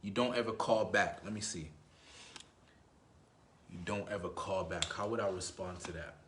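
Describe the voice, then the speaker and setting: A man giving casual dating advice who thinks out loud and keeps checking in with the listener. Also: low voice, moderate pace, noisy background. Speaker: dating coach. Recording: roomy echo.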